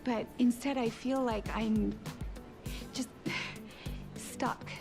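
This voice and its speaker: A woman's voice: on the high side, steady tone, very slow, music in the background. An actress playing an unhappy young mother in a film, talking in a confessional, self-deprecating way with nervous laughs.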